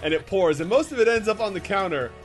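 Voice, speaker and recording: A man narrates a tabletop game as its game master, his slightly high voice swinging widely from hushed to loud. He tells the action playfully, with sudden shouts. Faint music sits behind him. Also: animated, quick pace.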